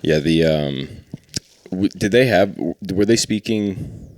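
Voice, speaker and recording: A man's voice: deep voice, expressive, takes it slowly, a little mellow, no room sound. A man co-hosting a comedy podcast, chatting casually with dry jokes. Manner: dry, bits of silly impressions. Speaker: podcast co-host.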